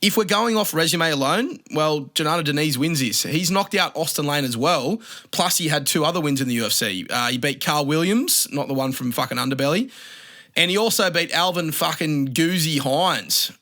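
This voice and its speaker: Sweary Australian bloke, bright voice. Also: male voice, fairly high pitch, lively intonation, moderate pace. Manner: blunt, sweary banter. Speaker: fight predictions host. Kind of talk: casual solo commentary.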